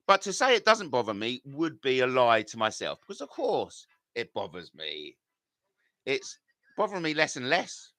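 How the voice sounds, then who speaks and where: A man's voice: on the high side, bright, forceful tone, no echo, clean studio sound. A middle-aged man, live-streaming and reading out chat comments in a combative, rambling way full of swearing.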